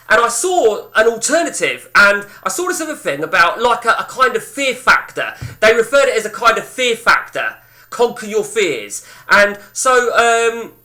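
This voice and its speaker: A high-voiced man in his forties, chatting casually to his stream viewers. He swings up and down in pitch as he rambles through a story, swearing freely, and his voice has a bright, forceful edge. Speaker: game streamer.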